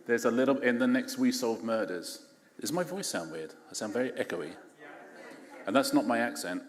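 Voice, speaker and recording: On stage in a large festival hall, an English-accented man with a medium pitch and lively intonation chats at a normal speed. He's an author guest in a casual onstage conversation, chatty, joking, and self-deprecating, and the echoey hall carries faint background noise.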